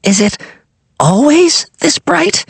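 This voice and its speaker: A man reading aloud and voicing a nervous young orphan girl with a hesitant, squeaky manner. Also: sing-song, slow, vocal fry, no room sound, full character voice.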